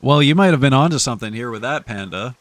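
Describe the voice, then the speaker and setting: A young man casually commenting on a game he is playing, chatty and quick to laugh, often stammering through restarts. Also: medium pitch, animated. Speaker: streamer.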